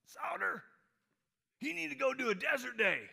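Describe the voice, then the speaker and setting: Excitable loud male preacher friend, high and forceful, voiced by a man in a sermon. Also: moderate pace, vocal fry, breathy edge, full character voice. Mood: insistent.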